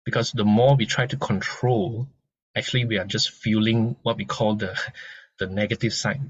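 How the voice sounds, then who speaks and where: A man giving a gentle, conversational dharma lesson, explaining ideas through a story and often restarting his sentences. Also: on the low side, steady tone, normal speed, husky, dull audio. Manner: gentle and conversational, many restarts and soft laughs. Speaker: dharma teacher. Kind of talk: informal lecture with analogies.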